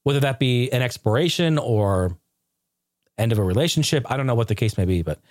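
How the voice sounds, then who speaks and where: Animated, swearing male podcast host. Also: medium pitch, brisk, no echo, studio quality. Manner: animated, profane, joking. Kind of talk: casual chat.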